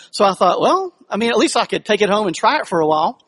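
A man's voice: high-pitched, very animated, fast talker, hardly any pauses, fairly bright tone. A man preaching a sermon as pastor, talking conversationally and with humor, putting questions to the congregation. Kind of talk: sermon with personal storytelling.

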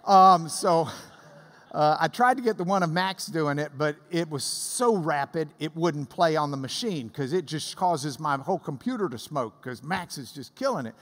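A Bible study teacher giving a lively classroom lesson, chanting out rhythms to make a point. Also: medium pitch, moderate pace. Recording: long reverb in a hall.

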